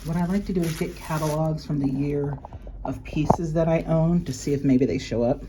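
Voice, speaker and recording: A woman's voice: low-pitched, normal speed, background noise. A woman chatting casually at home as she unboxes luxury goods, gushing with gasps and exclamations.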